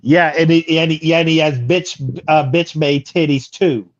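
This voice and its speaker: A man on a livestream panel who stumbles and repeats himself and swears freely. His voice sits a little higher than usual for a man. It comes through a dull, muffled microphone. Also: steady tone, dry recording. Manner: halting and profane, repeats words. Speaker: panel guest. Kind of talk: casual livestream panel chat.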